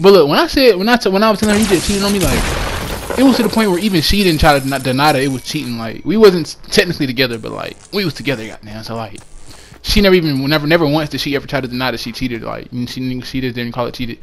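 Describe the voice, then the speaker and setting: A man vlogger telling a personal story in a casual monologue, emphatic and excitable, with frequent swearing. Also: a little high.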